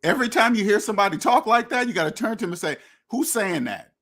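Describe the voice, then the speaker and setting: A fast-talking finance podcast host with a high, expressive, fairly bright voice gives a casual monologue. He is blunt and preachy, acts out imagined dialogues, and now and then uses profanity.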